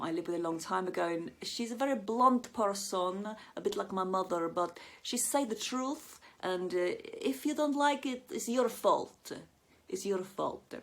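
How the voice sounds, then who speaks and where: A woman performing a stand-up comedy set, telling chatty stories and acting out the voices of people she quotes. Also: lowish voice.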